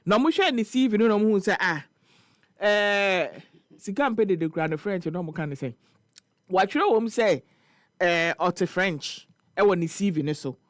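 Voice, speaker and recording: A Ghanaian man hosting a morning radio show, telling a story and reading listener comments in an animated, laughing way. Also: sits high, normal speed, dry recording, clean studio sound. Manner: animated, laughing storyteller mixing Twi and English. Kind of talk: casual chat reading social media comments. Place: radio studio.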